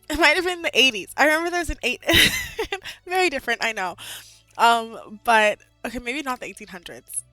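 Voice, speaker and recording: Her fairly high voice recorded with no echo, a twentysomething streamer casually chats with her live audience. She sounds animated and a bit breathless, laughing a lot and saying "like" constantly.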